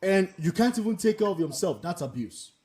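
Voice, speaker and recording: A man's voice: sits high, big pitch swings, fairly quick, warm tone, slight background noise. A man hosting a live panel discussion, talking bluntly and emphatically and repeating his points. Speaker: host.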